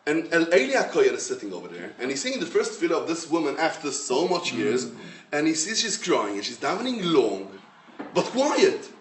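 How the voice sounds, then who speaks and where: A man, a rabbi giving a Torah lecture in English, his language being Hebrew, with an emphatic, animated storytelling manner. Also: a little high, fairly quick, a little hiss or hum. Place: lecture room. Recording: roomy echo, mic at a distance.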